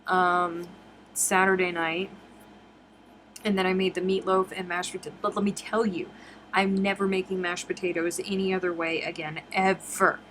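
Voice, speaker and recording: A woman's voice: lowish voice, fairly bright tone, slight background noise. A woman hosting a casual crochet live stream from home, chatting and reading viewer comments aloud.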